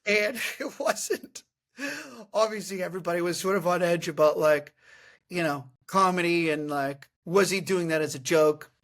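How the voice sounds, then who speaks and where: Man, high voice, casual comedic storyteller, laughing, animated. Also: normal speed. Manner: animated, laughs through stories. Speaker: podcast host.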